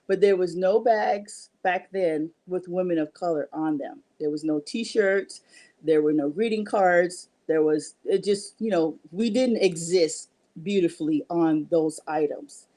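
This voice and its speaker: Middle-aged lady selling her art on a live stream, low mellow voice, chatty, rambles. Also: a little slow. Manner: chatty and rambling, with frequent restarts. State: out of breath. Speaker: artist selling her work on a livestream. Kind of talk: casual livestream sales talk.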